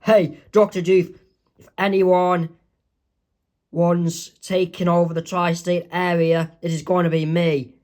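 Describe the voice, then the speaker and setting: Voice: mid-range voice, little pitch movement, slow, a little mellow, close to an everyday voice. A reader voicing a scheming baby boy villain from a comic strip, read plainly.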